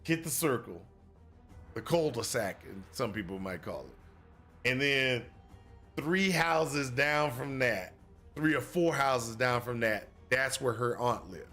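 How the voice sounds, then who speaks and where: A man streaming a video game tells a long personal story in a loose, rambling way, repeating phrases and filling gaps with "you know." His voice is bright and forward, with faint game music underneath. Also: mid-range voice, lively intonation, takes it slowly. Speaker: gaming streamer. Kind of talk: casual storytelling while gaming.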